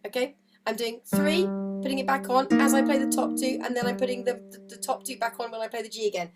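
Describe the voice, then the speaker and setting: A woman's voice: fairly high pitch, fairly even intonation, fast. A woman teaching a harp lesson on a video call, chatty and encouraging, singing counts and rhythms as she explains. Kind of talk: live online music lesson. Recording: loud harp music under voice. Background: harp playing.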